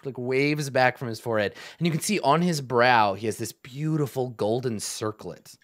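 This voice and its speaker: A man running a tabletop game, narrating in a loose, rambling way with lots of fillers. His voice sits at a middle pitch, and the recording is dry and close. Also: normal speed, a bit bright, dry recording. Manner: casual, rambling with many fillers. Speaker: game master.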